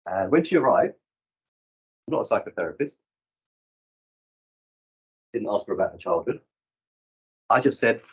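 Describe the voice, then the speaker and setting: A man from the UK gives a conference talk as a youth work trainer, telling animated stories and acting out the dialogue. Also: fairly low pitch, normal speed, pauses often, breathy edge. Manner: animated storyteller who acts out dialogue. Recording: dull lo-fi recording.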